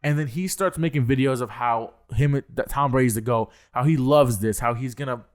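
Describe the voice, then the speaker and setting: A man's voice: mid-range voice, normal speed. A young man co-hosting a podcast, ranting heatedly with heavy swearing. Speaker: podcast co-host. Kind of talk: casual chat.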